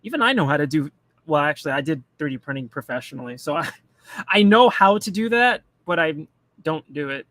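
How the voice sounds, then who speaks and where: A man's voice: a little high, lively intonation, fairly quick, a bit bright, dry recording. A man ranting bluntly and profanely in casual political commentary, mocking the people he talks about. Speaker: commentary streamer.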